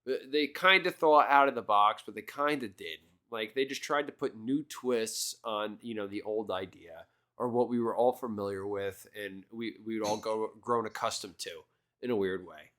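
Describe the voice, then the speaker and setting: Casting note: halting, filler-heavy podcast co-host with a bright voice. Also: male voice, fairly low pitch. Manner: halting, many fillers and restarts. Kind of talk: casual movie commentary chat.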